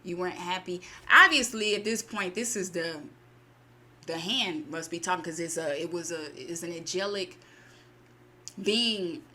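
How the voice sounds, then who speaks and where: A woman casually retelling a short story to her channel, acting out the characters' lines with lively bursts. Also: on the low side, measured pace. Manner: animated, acts out character lines. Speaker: storytelling host.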